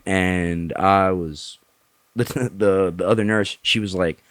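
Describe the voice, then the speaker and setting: A man's voice: low voice, slow. A man, a podcast guest, telling a casual story with lots of swearing and acted-out voices. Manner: animated, swearing freely, acts out other people. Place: Tampa area.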